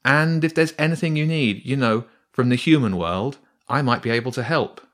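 A man's voice: mid-range voice, normal speed, a bit bright, pitched above the performer's own voice, lightly acted. A man voicing a curious, polite young boy in a storybook reading, asking eager questions. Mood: earnest.

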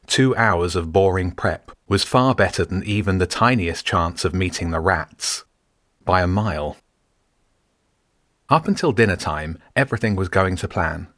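A man reading a story aloud in steady, measured scripted narration. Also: deep voice, dry recording, studio quality. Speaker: audiobook narrator.

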